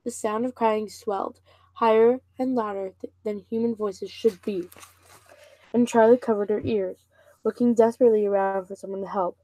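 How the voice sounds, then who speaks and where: A woman's voice: mid-range voice, steady tone, moderate pace, warm tone, dry recording, rough recording. A woman casually reading a novel aloud, stumbling and restarting over words now and then. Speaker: reader and channel host.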